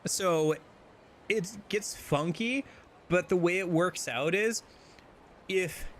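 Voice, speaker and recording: Rambling male game streamer, higher voice. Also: takes it slowly, a bit bright, slight background noise. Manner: rambling, many fillers and restarts. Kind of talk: casual gameplay chat.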